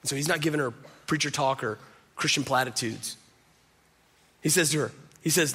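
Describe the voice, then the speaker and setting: Speaking casually and directly to his congregation, this pastor calls them "y'all" and leans on the filler word "like." His fairly high voice is husky, pushed and bright, moving at a moderate pace with frequent pauses in a conversational sermon.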